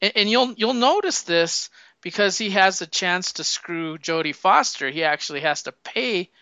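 A man chatting casually about a film, telling the story in an animated way and acting out the lines. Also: sits high, normal speed, dry recording. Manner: animated storyteller, acts out quotes. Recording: dull lo-fi sound.

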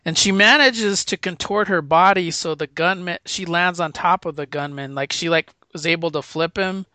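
Man, casual comic recap, rambling, bright voice, dry close sound. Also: on the high side, normal speed, no echo. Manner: rambling with fillers and quoted lines. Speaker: comic podcast co-host.

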